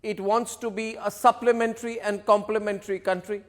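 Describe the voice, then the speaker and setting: High-pitched mocking anchor. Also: male voice, flat delivery, a little fast, big-room sound. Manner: mocking, theatrical, impersonating quotes. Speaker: news anchor. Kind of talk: opinionated news monologue.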